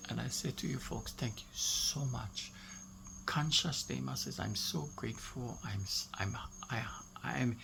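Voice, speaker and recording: A man with a Hawaiian Pidgin accent talking casually to his viewers. He is animated, then drops to a soft, emotional tone. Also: medium pitch, creaky, slight background noise. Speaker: vlogger.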